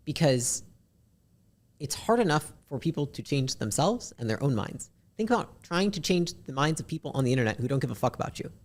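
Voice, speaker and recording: A woman with a deep, raspy voice, a podcast guest talking bluntly and candidly, swearing casually. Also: darkish tone. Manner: blunt, swears casually, talks fast in bursts.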